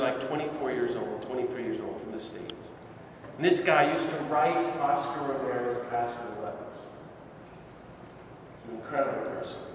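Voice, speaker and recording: A middle-aged priest tells stories to his audience in a large church hall, his slightly high voice building impassioned emphasis toward emphatic peaks. A distant mic catches the hall's echo and a bit of background noise.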